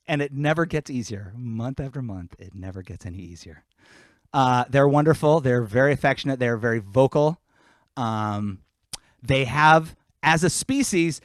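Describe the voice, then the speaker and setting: A man's voice: fairly high pitch, moderate pace, no room sound, clean studio sound. A man from Queens with a New York accent, joking casually with his audience and then rapping a comic song. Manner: animated, joking, rapping over a beat. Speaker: musician performing a livestream. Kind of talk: casual stage banter and rap performance. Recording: hip hop backing track behind the voice.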